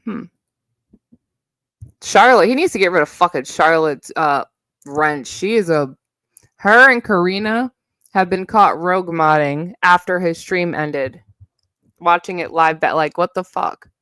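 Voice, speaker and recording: A woman's voice: on the low side, measured pace, pauses often, fairly bright tone, no room sound, studio quality. A young woman with a New York accent, ranting bluntly and profanely in a rambling casual livestream. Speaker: live streamer.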